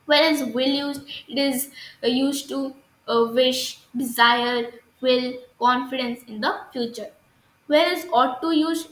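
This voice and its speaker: A woman's voice: high-pitched, a bit bright, echoey room, poor audio. A woman with an Indian English accent teaching an English grammar lesson, hesitant, with many fillers and restarts, checking if students understood.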